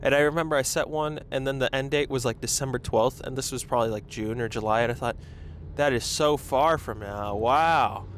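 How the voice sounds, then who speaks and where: A man's voice: mid-range voice, brisk. A young man hosting a podcast from his car on a lapel mic, chatting in a rambling, self-conscious way. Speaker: podcast host. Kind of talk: casual solo chat while driving. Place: in a car in traffic. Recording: faint road noise.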